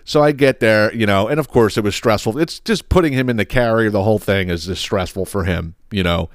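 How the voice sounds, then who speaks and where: A man's voice: lowish voice, fairly quick, dry recording, clean studio sound. A man hosting a podcast, ranting heatedly with plenty of profanity. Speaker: podcast host.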